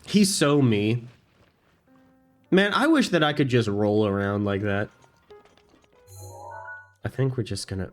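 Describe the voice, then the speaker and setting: A man's voice: mid-range voice, expressive, unhurried, long pauses, soft background music. A man streaming a video game, chatting casually and enthusiastically, with lots of fillers and restarts. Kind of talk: casual chat while gaming.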